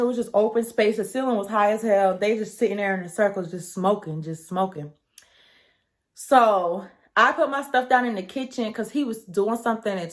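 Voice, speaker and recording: A young woman recounts a story in a casual vlog, talking straight to her viewers. Her voice sits at a medium pitch, and she keeps things chatty and animated, acting out what people said and laughing along the way. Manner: chatty and animated, acts out quotes, laughs often.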